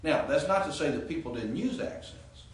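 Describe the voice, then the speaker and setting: A man's voice: fairly high pitch, animated, normal speed, noisy background. A man teaching a Greek grammar class, explaining rules and asking his students questions, with frequent fillers. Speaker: Greek instructor. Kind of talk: classroom lecture. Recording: echoey classroom, distant mic.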